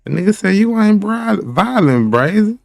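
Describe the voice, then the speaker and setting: A man commenting in casual chat, speaking slowly and drawing out his words. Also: high voice, big pitch swings, gravelly, no echo, studio quality, soft background music.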